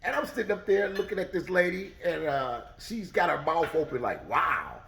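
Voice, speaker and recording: A middle-aged man tells a story casually and with plenty of animation, his voice swooping between high and low as he acts out each person. His voice sits a little high, and the recording has a roomy echo. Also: lively intonation, fairly quick, gravelly, slight background noise.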